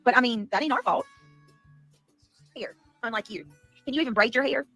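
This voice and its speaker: A woman's voice: on the high side, fairly quick, sharp tone, faint music behind. A woman on a livestream, ranting angrily and profanely at her critics. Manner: profane, heated, rambling. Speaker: livestreamer in a played clip. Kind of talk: angry livestream rant.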